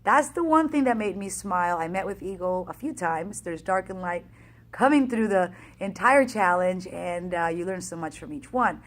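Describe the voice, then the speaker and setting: A woman fitness coach telling a race story in a casual, energetic, chatty way, acting out the back-and-forth. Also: fairly low pitch, moderate pace.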